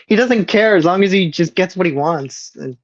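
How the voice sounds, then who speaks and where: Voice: mid-range voice, expressive, moderate pace, no room sound, lo-fi sound. A guest in a casual online chat, speaking bluntly and laughing things off.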